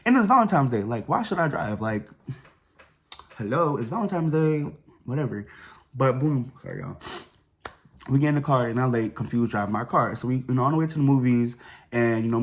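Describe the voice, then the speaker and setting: A young man telling a personal story to his viewers in a chatty, slangy way, dropping fillers like "boom" and "whatever". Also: a little fast. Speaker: vlogger. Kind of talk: casual storytime.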